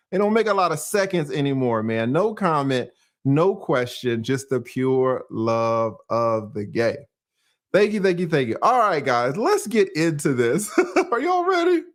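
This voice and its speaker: A man from Atlanta, hosting a casual, profane livestream commentary, often laughing. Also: fairly high pitch. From Atlanta, USA. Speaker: YouTube commentary host.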